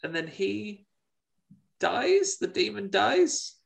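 A man's voice: high voice, slow, vocal fry. English Midlands man retelling a film. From England. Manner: animated retelling, acting out characters. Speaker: podcast co-host. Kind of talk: casual film review chat.

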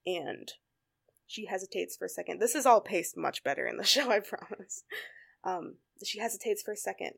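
Casual female storyteller with a gravelly edge, filler-heavy recap. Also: medium pitch, moderate pace. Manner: animated retelling with many fillers. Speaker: storyteller retelling a TV episode. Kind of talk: casual chat.

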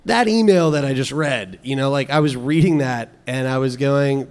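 A man's voice: medium pitch, normal speed, smooth. A man co-hosting a casual advice chat, talking in a rambling way with many fillers and restarts.

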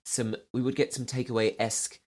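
A man's voice: mid-range voice, flat delivery, normal speed, darkish tone. A man from southeast London, a comedian as guest, telling stories in a wry, well-spoken manner. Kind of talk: casual chat.

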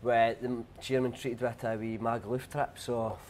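A Scottish man talking as a guest footballer, relaxed and hesitant with fillers. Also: mid-range voice, normal speed, a little hiss or hum. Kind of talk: casual interview.

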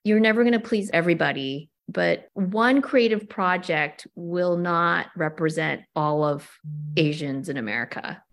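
A middle-aged woman, an actor and cartoonist, talking casually as an interview guest and telling animated stories. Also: fairly low pitch, a little slow. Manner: animated storytelling with quoted asides.

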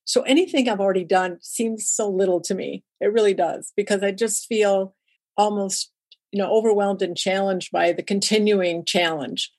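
A woman's voice: medium pitch, normal speed. A woman who writes and gives talks, a guest in an interview, telling stories and acting out the dialogue in them. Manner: lively storyteller who acts out quoted dialogue. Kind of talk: conversational interview storytelling.

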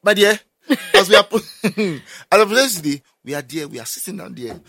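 A young Nigerian man with a Nigerian accent in emphatic, animated casual conversation, often breaking into laughter. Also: high-pitched, normal speed, creaky, dry recording. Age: young adult. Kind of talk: casual chat.

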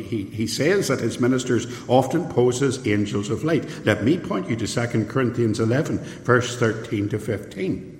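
A man preaching a sermon in an earnest, emphatic way, rising higher on his key points. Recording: echoey hall with long reverb.

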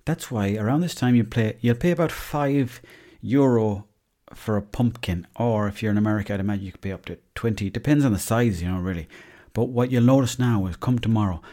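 Irish male podcast host, lower voice, casual yarn-spinner, salty language. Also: mellow. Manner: chatty, swears freely, tall-tale humour. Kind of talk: casual comic storytelling.

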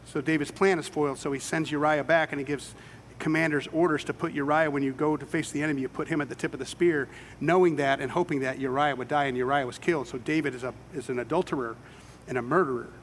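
A man's voice: fairly high pitch, fairly even intonation, fast talker, slight background noise. A man preaching a sermon, retelling scripture stories with dramatic quoted voices. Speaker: pastor. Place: church sanctuary with children present.

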